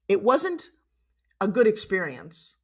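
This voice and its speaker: Brief: woman in her 60s, New York accent, guest speaker, lively and blunt storyteller, some salty language, video call. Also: medium pitch, slow, slightly rough. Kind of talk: personal storytelling.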